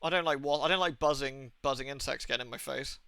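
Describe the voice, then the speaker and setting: Bright-voiced British man rambling casually. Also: mid-range voice, fast, smooth, no echo. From Britain. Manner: rambling, anecdotal, swears freely. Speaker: game streamer. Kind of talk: casual gaming stream chat.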